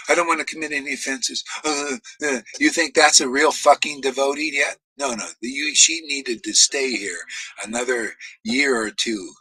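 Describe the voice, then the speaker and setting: A man preaching a confrontational, profane sermon, shouting challenges at his critics. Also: medium pitch, slightly rough, no echo, low-quality recording.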